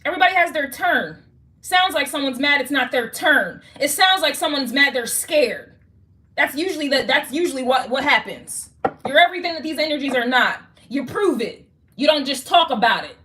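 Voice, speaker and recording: A woman's voice: high voice, expressive, moderate pace, bright, forceful tone. A woman giving a casual tarot reading, slangy and swearing, talking straight to the viewer. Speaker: tarot reader.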